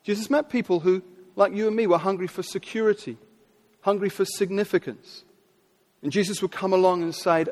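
Man, preacher, high voice, emphatic storytelling, long hall echo. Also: darkish tone. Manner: storytelling, emphatic with slow dramatic pauses. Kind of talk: sermon.

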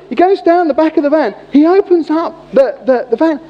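A high-pitched British man in middle age preaches with a chatty, storytelling flow. His pitch leaps all over the place. The sound carries a long reverb and is dull and lo-fi. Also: moderate pace, few pauses. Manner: animated, chatty anecdote telling. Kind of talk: sermon storytelling.

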